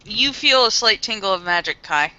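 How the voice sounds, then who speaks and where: A woman narrating a tabletop role-playing game as game master, describing scenes in a measured way, on a dull lo-fi recording. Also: mid-range voice, animated, sharp tone.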